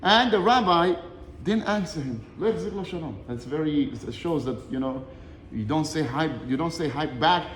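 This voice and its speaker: A man giving a short Torah lesson, telling a Talmud story with lively swings between Hebrew quotes and English explanation. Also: a little high, moderate pace, roomy sound, in a large hall, slight background noise. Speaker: Torah teacher.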